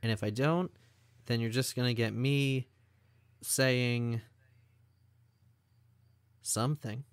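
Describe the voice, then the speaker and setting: A man co-hosts a podcast in loose, casual chat. He sounds tired and rambles, with many fillers and restarts, at an ordinary middle pitch. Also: slow, pauses often, smooth. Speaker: podcast co-host.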